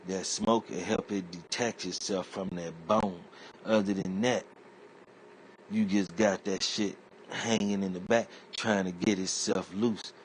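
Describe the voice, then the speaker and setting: This man talks from very low in his chest, loose and rambling as he spins out a comic rant full of cursing. He drifts from point to point in a streetwise, offhand way. A faint hum of noise sits under his voice. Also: steady tone, unhurried. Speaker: internet comedian. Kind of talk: comedic rant monologue.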